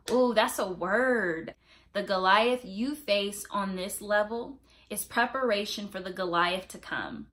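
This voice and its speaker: A young woman talks straight to her camera in a lively, conversational vlog. Her voice sits at a middle pitch, and she leans into phrases with warm, preacher-like emphasis while she encourages her viewers through faith. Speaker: YouTube vlogger.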